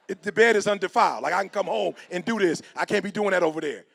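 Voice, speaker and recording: A man's voice: high voice, vocal fry. A middle-aged man, giving a preacher-style motivational talk and acting out both sides of his stories. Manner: animated, acts out both sides of stories in quoted voices. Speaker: motivational speaker.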